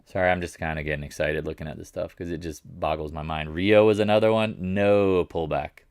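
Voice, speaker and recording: A man hosting a live market recap stream, talking casually and excitedly, rambling and jumping between thoughts. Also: deep voice, brisk, clear, resonant tone, no room sound.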